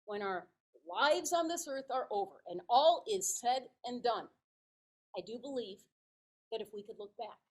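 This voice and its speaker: A woman in her fifties giving a prepared storytelling speech to her club, animated and dramatic, acting out dialogue. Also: fairly high pitch, moderate pace, low-quality recording. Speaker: club speaker.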